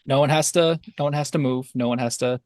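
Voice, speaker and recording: A man playing a calm placating explorer. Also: mid-range voice, fast talker, lightly acted. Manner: placating, hesitant restarts.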